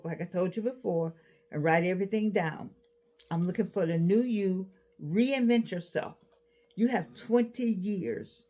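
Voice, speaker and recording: A woman in her eighties talking casually to camera, giving advice with animated repeats and restarts. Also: mid-range voice. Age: 80s. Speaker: vlogger.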